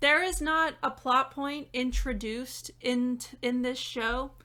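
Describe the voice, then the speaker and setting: Bright-voiced young woman reviewing theater. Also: high voice, takes it slowly. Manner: chatty and animated, laughing between points. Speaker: theater critic and dramaturg. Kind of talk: casual video review. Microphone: reading notes off-camera.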